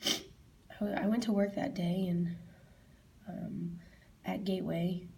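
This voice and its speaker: A woman answering interview questions, telling a personal memory in a halting way, repeating herself and often dropping to a soft, whispery voice. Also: lowish voice, level tone, gravelly, slight background noise. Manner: halting, repeats herself, quotes her own past words loudly.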